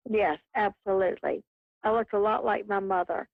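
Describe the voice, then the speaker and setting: A woman calls in and answers a medium's questions slowly and deliberately. Her voice comes through a thin, phone-like line, dry and close. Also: medium pitch, fairly even intonation, no room sound. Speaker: caller. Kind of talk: phone-in conversation.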